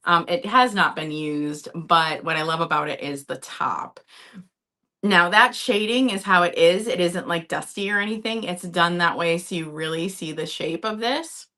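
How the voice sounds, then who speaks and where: A woman's voice: lowish voice, moderate pace, bright, forceful tone. A woman from Minnesota hosting a live vintage sale, chatting casually, laughing often and talking to her cat. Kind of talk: live-stream selling chat.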